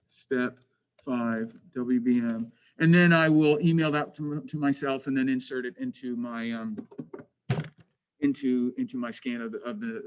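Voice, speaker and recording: A man's voice: mid-range voice, poor audio. A man teaching a screen-recorded drafting lesson, thinking aloud with lots of restarts, self-questions and grumbling asides. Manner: frustrated, self-deprecating asides.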